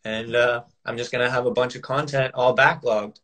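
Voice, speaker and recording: A man of middle pitch talks loosely on a livestream. He swears, leans on slang and keeps calling his friend bro. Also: fairly even intonation, moderate pace, pushed and bright. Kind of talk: casual livestream chat.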